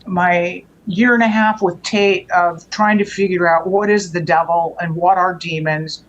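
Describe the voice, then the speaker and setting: A woman guest on the show tells a long personal story in an earnest, conversational way, rambling and often restarting or correcting herself. Her voice is fairly low and steady, her pace unhurried, and the audio sounds lo-fi.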